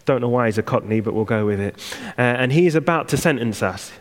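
A man's voice: medium pitch, lively intonation, a little fast. Man preaching in a reverberant church. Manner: conversational, self-deprecating asides. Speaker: guest preacher. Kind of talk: sermon. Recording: long reverb of a church hall.

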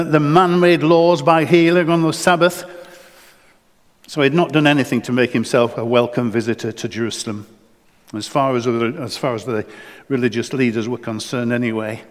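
Man, preacher, sermon, earnest, higher voice, restarts and repeats words, long church echo. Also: fairly even intonation, normal speed.

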